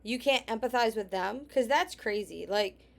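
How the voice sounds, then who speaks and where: A woman's voice: on the high side, moderate pace, creaky. A woman hosting a reaction commentary, sarcastic and scolding, often dropping to a near whisper. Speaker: commentary host.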